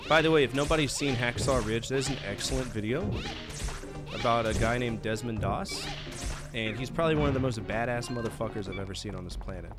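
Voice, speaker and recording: A man's voice: medium pitch, fairly quick, over loud music. A man giving casual, profane commentary while playing a game, chatty with laughing asides. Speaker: gaming video host.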